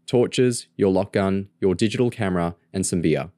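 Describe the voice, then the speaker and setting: A man's voice: low voice, moderate pace, warm tone, no room sound, studio quality, lightly acted. A man voicing a bossy, determined teenage girl agent who talks in urgent, clipped commands.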